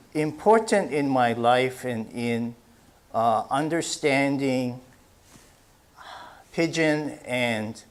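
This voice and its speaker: A mid-range-voiced man, an author, gives a public talk at an unhurried pace, reading out quotes and frequently saying um and uh.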